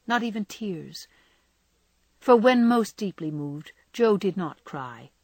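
A woman narrating a novel in a gentle, measured reading style. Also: medium pitch, animated, dry recording. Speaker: audiobook narrator.

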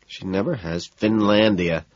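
An irritable young snob, voiced by a male reader, snaps out short, peevish remarks. The voice is low and husky. The recording is dry and a little dull. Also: fairly even intonation, a little slow, dry recording. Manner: curt, peevish. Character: irritable, snobbish young man. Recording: dull, muffled audiobook recording.

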